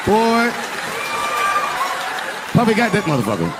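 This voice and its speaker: Older man, animated profane stand-up storytelling. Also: high-pitched, a little slow, over a noisy crowd. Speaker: stand-up comedian. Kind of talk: stand-up routine. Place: large live arena stage. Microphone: handheld stage microphone. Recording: live recording with background noise.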